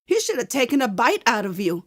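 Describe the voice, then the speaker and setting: Woman playing a stern mother, high voice, sharp scolding. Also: big pitch swings, brisk. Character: stern strict mother scolding her daughter.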